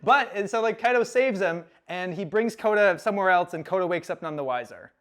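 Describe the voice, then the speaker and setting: A young man giving a casual recap lecture, animated, acting out characters' lines with sudden loud outbursts. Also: high voice, brisk.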